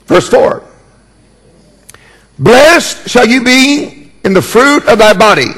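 A man's voice: extremely high pitch, big pitch swings, takes it slowly, a bit bright, long reverb tail. A man preaching a sermon as pastor, emphatic and jokey, repeating key words and calling for responses.

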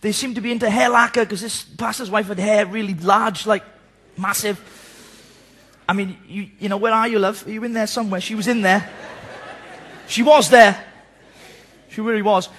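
A man preaching a sermon, animated and telling stories as he mimics people. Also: high-pitched, normal speed, long pauses, husky. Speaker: pastor.

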